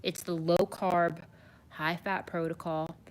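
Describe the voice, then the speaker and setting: Earnest woman nutrition coach, lowish voice. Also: takes it slowly, clear, resonant tone. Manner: earnest, animated, says "you guys" often. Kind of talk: live stream talk to viewers.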